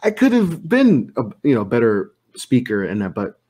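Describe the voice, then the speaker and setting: A man's voice: medium pitch, wildly swooping pitch, moderate pace, warm tone, breathy edge. A young man hosting a podcast, talking reflectively in an easygoing way. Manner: reflective, easygoing, lots of fillers. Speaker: podcast host. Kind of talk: casual podcast conversation.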